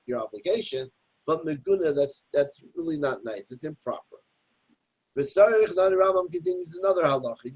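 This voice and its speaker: A man's voice: a little high, a little mellow, husky, poor audio. A man teaching a daily text study lesson, reading Hebrew passages and then explaining them plainly in English, sounding out pronunciation examples. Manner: demonstrates pronunciation aloud with examples. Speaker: Torah teacher.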